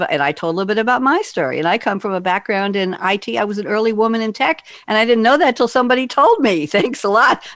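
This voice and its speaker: A woman's voice: medium pitch, dry recording, clean studio sound. An older woman hosting a panel show as a broadcaster, chatty with self-deprecating humor.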